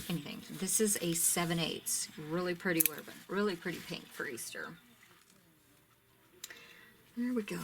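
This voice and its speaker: A woman's voice: fairly low pitch, noisy background. Chatty woman gushing over craft ribbons. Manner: chatty, gushing, often drops to a near-whisper. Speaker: craft shop owner showing ribbons. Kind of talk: casual product show-and-tell.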